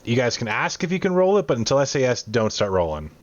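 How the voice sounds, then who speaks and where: A man narrating and refereeing a tabletop game as game master, relaxed and descriptive. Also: mid-range voice, dull audio. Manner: relaxed, descriptive, halting with fillers.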